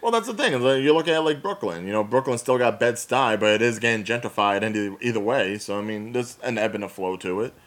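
A young man with a New Jersey accent, chatting casually as a podcast co-host, opinionated and quick to laugh. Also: on the low side. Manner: animated, opinionated, laughs often. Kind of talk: casual chat.

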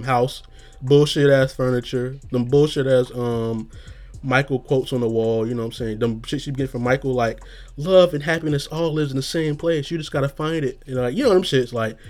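A young man with a mid-pitched voice tells a story in a loose, laid-back way. He laughs often, swears freely and plays out the lines he said. The talk is unscripted and easy. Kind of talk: casual storytelling.

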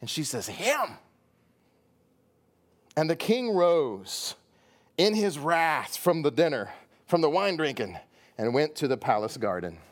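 A man's voice: on the high side, a little slow. A middle-aged man from Texas with a Texan accent, preaching a sermon as pastor and acting out the story as he tells it. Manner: animated storyteller, acting out voices and sound effects.

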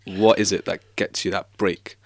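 A man's voice: sits low, steady tone, normal speed, no echo, clean studio sound. A man hosting a casual interview, asking curious questions and often repeating his words as he starts a sentence. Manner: inquisitive, stammering repeats. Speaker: podcast host.

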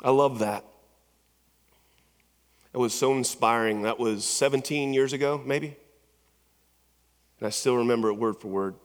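A man's voice: medium pitch, unhurried, long pauses. A male pastor preaching a sermon in a church, telling stories conversationally with many restarts and repeated words. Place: church sanctuary. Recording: long church hall reverb.

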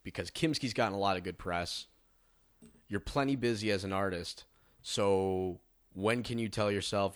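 Low-voiced man interviewing, dry sound. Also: normal speed, dry recording. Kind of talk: casual interview.

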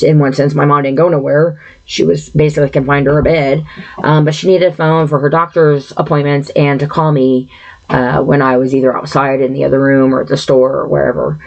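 A woman talks straight to the camera about how her family was treated, drifting through fillers and asides as she builds her case. Her voice has a gravelly edge, and the recording sounds slightly muffled and lo-fi. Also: deep voice, darkish tone. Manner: indignant, rambling with many fillers and asides. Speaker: vlogger telling a personal story. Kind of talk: casual storytelling monologue.

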